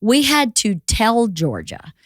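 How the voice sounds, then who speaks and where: A woman's voice: on the high side, slow, no echo. Middle-aged Southern woman, dry studio sound. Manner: relaxed, reassuring, storytelling. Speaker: podcast host. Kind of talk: casual chat.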